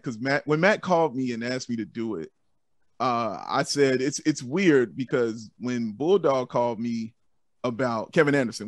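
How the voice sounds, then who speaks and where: Male podcast guest, upbeat and loose, laughs a lot, mid-pitched, dry close recording. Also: no room sound. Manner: upbeat, laughs often, says "man" a lot. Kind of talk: casual chat.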